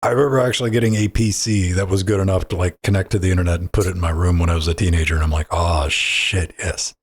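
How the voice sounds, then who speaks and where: A man with a low, husky voice talks on a gaming podcast. He rambles in loose banter, restarts his sentences and swears without a second thought. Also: steady tone, very fast, a little mellow. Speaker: podcast co-host.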